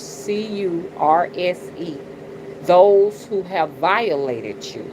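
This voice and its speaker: A middle-aged woman talks bluntly and profanely in a casual livestream, preaching her views and often asking "you understand?". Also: medium pitch. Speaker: spiritual reader and channel host. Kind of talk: casual livestream talk, greeting chat. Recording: noticeable background noise.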